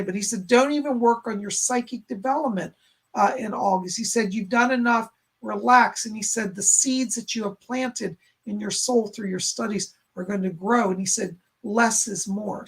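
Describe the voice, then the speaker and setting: A man with a high, creaky voice and a breathy edge hosts a live stream as a psychic medium. Chatty and reassuring, he reads chat questions aloud and passes on messages, with many "and she said" asides.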